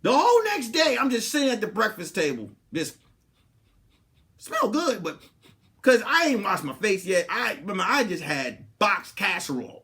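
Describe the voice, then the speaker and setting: A man hosting a comedy podcast, telling a story in a casual, animated way and swinging from hushed asides to loud, laughing outbursts. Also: high voice, moderate pace. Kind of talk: comic storytelling.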